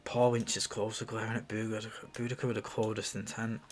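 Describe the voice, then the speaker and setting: A man with a lowish voice reads through his own screenplay. He is relaxed and musing, and he stops now and then to comment on his scenes. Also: brisk, few pauses, a little hiss or hum.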